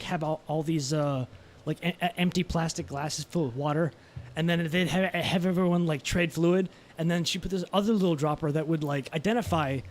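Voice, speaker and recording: High-voiced man telling rambling stories. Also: darkish tone, a little hiss or hum. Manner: rambling storytelling with many fillers and restarts; profane. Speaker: podcast co-host. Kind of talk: casual podcast chat.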